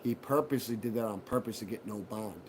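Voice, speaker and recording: A man hosting a live show, telling a personal story in a profane, animated way and acting out what others said. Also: lowish voice, quick pace, noisy background. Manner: profane, animated retelling with acted quotes. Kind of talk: casual storytelling.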